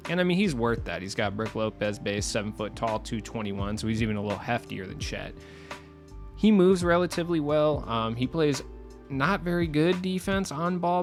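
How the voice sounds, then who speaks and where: A young man hosting a casual gaming video, chatty and self-deprecating, laughing at his own jokes. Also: medium pitch. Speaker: gaming YouTuber host. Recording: faint music behind voice.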